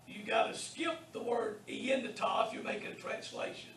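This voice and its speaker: A man lecturing to a small class, his voice high, gravelly and lively in pitch. He talks slowly and carefully, sounding out each word for the students. The recording is echoey and distant, with a faint hiss underneath. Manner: slow, deliberate, pronounces words for students to repeat. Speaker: Bible college Greek teacher. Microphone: distant room mic.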